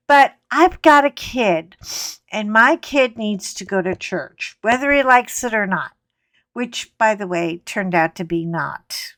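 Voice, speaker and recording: A middle-aged woman chats while she colors, telling a rambling story in an unhurried drawl. She is wry and a little salty, with mild cursing and "anyway" asides. Her voice sounds close and dry, with no room around it. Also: mid-range voice, lively intonation, a bit bright, no echo. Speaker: coloring channel host.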